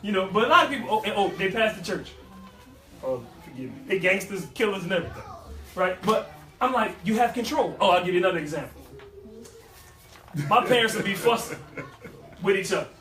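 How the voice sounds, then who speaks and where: A man giving an animated, folksy motivational talk with a preaching flavor to a small audience. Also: high voice, brisk, long pauses. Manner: animated, folksy, with vernacular asides and repeats. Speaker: speaker at a youth life-skills session. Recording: echoey room, mic at a distance.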